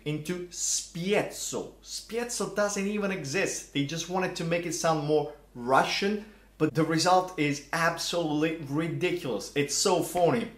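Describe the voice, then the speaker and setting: Male vlog host, middle-aged, theatrical and animated, bit high, roomy echo. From Italy. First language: Italian. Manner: animated, theatrical, exaggerated outrage. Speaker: language channel host. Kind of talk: casual vlog commentary. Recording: echoey room.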